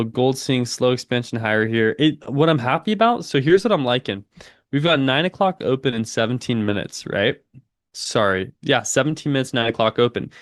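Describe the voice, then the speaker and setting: A young man in his twenties talks casually on a live trading stream. His voice sits at an ordinary middle pitch and is recorded close and dry. He tosses in slang and a steady stream of "dude" between market calls. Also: no echo. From United States. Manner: laid-back slangy, says "dude" a lot, reads chat aloud. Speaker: livestream trading host. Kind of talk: casual livestream chat and market commentary.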